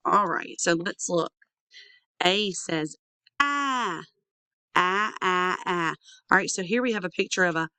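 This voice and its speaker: A woman teaching a young children's phonics lesson, sounding out letters slowly and repeating handwriting chants. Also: lowish voice, fairly bright tone, no echo. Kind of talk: early-years phonics lesson.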